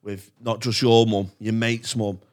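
A man's voice: on the low side, little pitch movement. A man, co-hosting a comedy podcast, telling sweary stories and calling everyone lad. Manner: sweary, quick storyteller, calls everyone lad. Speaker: podcast co-host. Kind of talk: casual comedy podcast chat.

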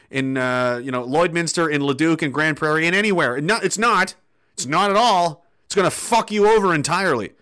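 Angry high-pitched ranting man. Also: sharp tone. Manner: angry, swearing, sarcastic mock quotes. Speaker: political commentary streamer. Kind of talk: ranting livestream commentary.

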